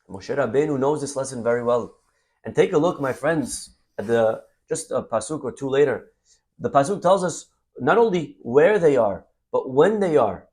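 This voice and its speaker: A man giving a Torah sermon as a story, swinging between loud emphasis and soft asides. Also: medium pitch, expressive, moderate pace. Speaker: rabbi teaching Torah.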